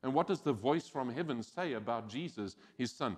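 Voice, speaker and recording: Animated preaching man in a reverberant church hall. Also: medium pitch, moderate pace. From South Africa. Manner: animated preaching, acting out quoted voices. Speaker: pastor. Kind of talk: sermon.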